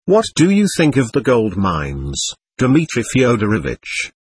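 A man voicing a gushing, domineering middle-aged lady who lectures and talks over others, with a husky voice. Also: medium pitch, huge pitch swings, a little slow, no room sound, full character voice.

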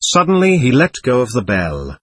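A man's voice: medium pitch, huge pitch swings, normal speed, fairly bright tone, slightly rough, no echo. A man narrating a classic novel aloud, reading steadily and giving the dialogue light voicing. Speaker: audiobook narrator. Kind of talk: scripted narration.

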